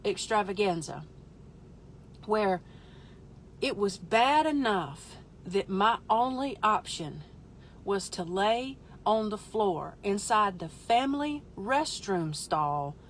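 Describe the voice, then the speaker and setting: A woman hosting a live stream, telling a comic story in an animated, exaggerated way with voiced asides. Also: medium pitch, slight background noise. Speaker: livestream host.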